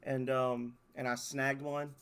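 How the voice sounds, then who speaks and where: A man streaming a video game live, chatting excitedly with viewers and laughing often. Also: mid-range voice, takes it slowly, clear, resonant tone. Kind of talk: live-stream gaming commentary. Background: video game music.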